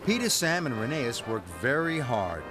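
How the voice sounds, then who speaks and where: Male storybook narrator: slow, animated delivery, with music underneath. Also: mid-range voice.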